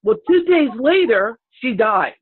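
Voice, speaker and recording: A woman sharing a personal story on a video call, in a halting, rambling way with many restarts. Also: on the high side, big pitch swings. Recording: tinny phone-like video call audio.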